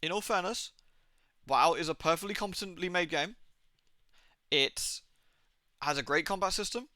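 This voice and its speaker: A young man streaming a game, chatting casually to his viewers, rambling and joking, swearing freely and slipping into quick silly impressions. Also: on the high side, pushed and bright, no echo. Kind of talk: casual live-stream chat.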